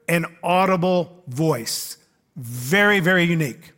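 A man preaching a sermon to his congregation in a relaxed, conversational way, with frequent "uh" fillers and asides to the listeners. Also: on the high side, a little slow. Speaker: pastor. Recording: long reverb of a large hall.

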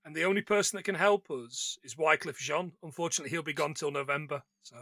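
A man appearing as a podcast guest, dropping wry, quick quips in casual chat. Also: on the high side, crowd noise.

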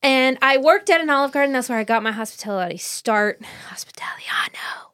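A woman with a fairly high voice chatting on a book podcast, swearing freely and slipping into quoted voices as she tells a story. The recording is close and dry, with no room echo. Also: lively intonation, quick pace, a bit bright, clear, resonant tone. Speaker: podcast co-host. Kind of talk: casual book chat. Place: podcast studio. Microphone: studio microphone.

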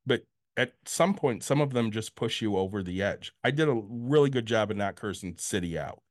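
A man's voice: lowish voice, expressive, normal speed, no echo, clean studio sound. A man co-hosting a podcast, telling a story in a heated, profane, sarcastic rant. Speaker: podcast co-host. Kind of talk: casual chat.

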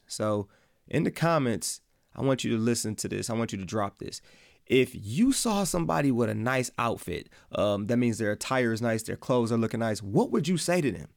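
A man with a Midwestern accent hosting a casual faith podcast, talking excitably in slang and repeating his phrases. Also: medium pitch, moderate pace, gravelly, no echo, clean studio sound. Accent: Midwestern American. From American Midwest. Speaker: podcast host.

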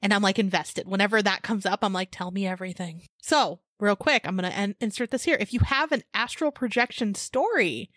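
A young woman co-hosts a podcast, reading history notes with chatty asides and frequent laughter. Her medium-pitched, slightly bright voice moves fairly quickly with few pauses, and the recording is dry.

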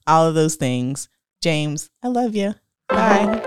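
A woman hosting a podcast in casual chat, chatty and quick to laugh. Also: low-pitched, soft background music. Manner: laughs often, chatty and excited. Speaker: podcast host.

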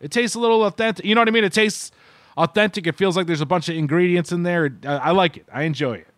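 Podcast guy rambling about groceries, kinda high voice, dry mic. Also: fast, no echo. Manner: rambling, meandering food review. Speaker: podcast co-host. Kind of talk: casual chat.

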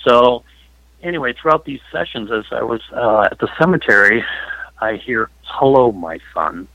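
Speaking at normal speed with a medium-pitched, expressive voice and vocal fry, a middle-aged paranormal investigator shares emotional stories as a guest on a phone interview. He rambles with many fillers, and the dry recording comes through a dull lo-fi phone line.

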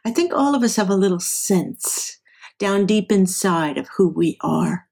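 A middle-aged Southern California woman, an engineer and professor, appears as an interview guest and casually tells stories from her career. Her mid-range voice is animated, creaky, and a little mellow, and she speaks a little slowly.

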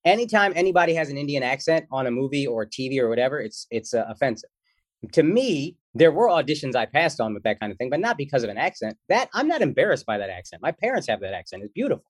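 Animated joking male comedian guest. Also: mid-range voice, fast, dry recording, studio quality. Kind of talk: casual interview chat.

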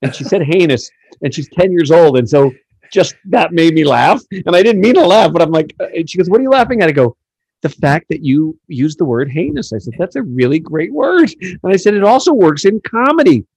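A middle-aged man from the United States hosting a casual podcast, telling stories in an animated, joking way with plenty of fillers. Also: fairly high pitch, normal speed, slightly rough, dry recording. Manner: animated storyteller, jokey, many fillers. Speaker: podcast host.

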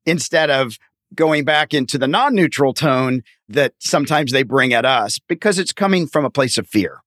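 A man's voice: fairly high pitch, animated, normal speed, a bit bright, no echo, studio quality. A man hosting an interview, chatting casually and acting out quoted voices in a friendly way. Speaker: podcast host and accountant.

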